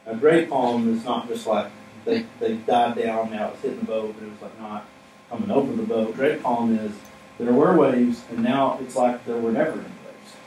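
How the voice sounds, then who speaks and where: A man preaching a casual, conversational sermon, telling a story with frequent laughs and acted-out quotes. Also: mid-range voice. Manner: animated storytelling, laughs often, acts out quotes. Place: church hall. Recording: echoey hall from far off, faint room noise.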